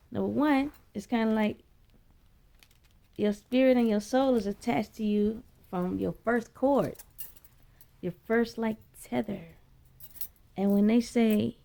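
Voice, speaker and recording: Woman vlogging a spiritual story, real gravelly, takes her time, swears a lot, chatty. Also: warm tone. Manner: profane, blunt, chatty; jumps high when quoting herself. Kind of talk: casual spiritual storytelling monologue.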